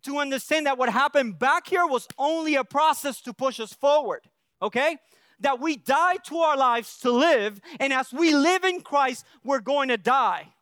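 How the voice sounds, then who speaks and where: A man's voice: extremely high pitch, moderate pace, a bit bright, no echo, studio quality. A male pastor preaching a sermon in an earnest way, often checking in with the congregation and restarting his phrases.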